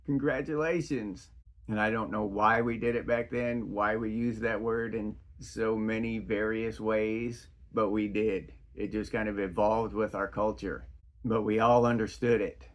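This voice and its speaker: A man's voice: lowish voice, flat delivery, a little slow. A middle-aged man hosting his own podcast, talking in a casual, rambling monologue full of restarts. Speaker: podcast host.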